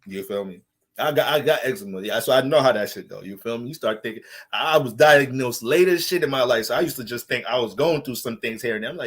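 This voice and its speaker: A man's voice: mid-range voice, fast talker, a bit bright, husky. A man hosting a casual astrology livestream, loose and profane, joking and talking straight to his viewers.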